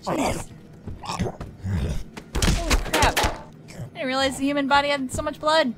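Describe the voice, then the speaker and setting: A woman's voice: high voice, huge pitch swings, takes it slowly, very noisy. A young adult woman hosting a casual let's play. She jokes, chats, and talks back to the game characters. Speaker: gaming channel host.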